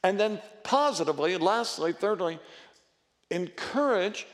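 Male pastor, somewhat high voice, earnest conversational sermon, long hall reverb. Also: expressive, measured pace. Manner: earnest, conversational preaching with frequent restarts and rising emphasis.

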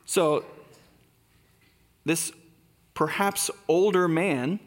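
A man's voice: on the high side, drawn-out words, in a large hall. A man preaching a sermon in a conversational way, asking rhetorical questions. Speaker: pastor.

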